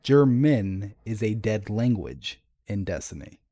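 Mellow-voiced man chatting casually. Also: on the low side, sing-song, slow, no room sound. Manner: rambling with many fillers and restarts. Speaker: podcast co-host discussing game lore. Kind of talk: casual chat, reading lore entries aloud.

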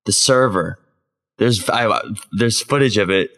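A man's voice: unhurried, fairly bright tone. A young man co-hosting a podcast, telling stories in casual chat and swearing freely. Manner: swears a lot, tells stories in a low drawl. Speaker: podcast co-host.

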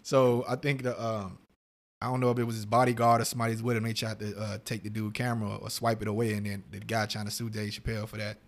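A man's voice: fairly low pitch, little pitch movement, fast talker. A man co-hosting a podcast, telling loose, profane stories in casual chat and acting out quoted voices. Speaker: podcast co-host.

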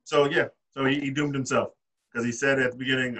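A man's voice: mid-range voice, steady tone, quick pace, fairly bright tone, distant mic. A man co-hosting a casual podcast, laid-back and thinking aloud through his reasons. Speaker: podcast co-host. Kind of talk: casual chat.

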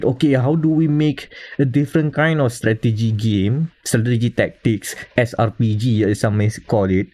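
A man's voice: mid-range voice, mellow. A man with a Malaysian English accent, co-hosting a casual podcast panel and talking at length with restarts and small chuckles. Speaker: podcast co-host.

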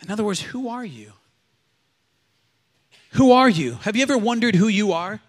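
A man's voice: sits high, expressive, moderate pace. A male pastor preaching a sermon at a church service, emphatic and exhortative, leading the congregation in call-and-response.

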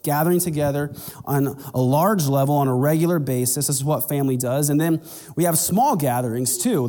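Conversational pastor in an echoing hall. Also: male voice, fairly high pitch, warm tone. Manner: conversational preaching, acts out dialogue in a raised voice. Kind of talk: sermon.

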